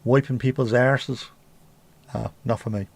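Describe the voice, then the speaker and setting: A man's voice: mid-range voice, steady tone, measured pace, gravelly. A man hosting a casual livestream chat, bantering crudely and swearing often. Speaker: livestream host.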